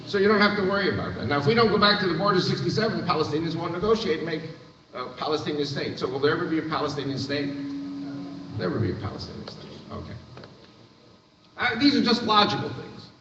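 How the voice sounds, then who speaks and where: A man raised in America addresses a church crowd, pressing his points and repeating words as he restarts. His voice sits high. It is caught from across a reverberant hall, with a muffled tone and a faint hiss. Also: sing-song, fast talker, sharp tone. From United States. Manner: emphatic storytelling, repeats words when restarting. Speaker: guest speaker. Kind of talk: church talk to an audience. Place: large hall with live audience. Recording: echoey far-off hall recording, dull sound, faint noise.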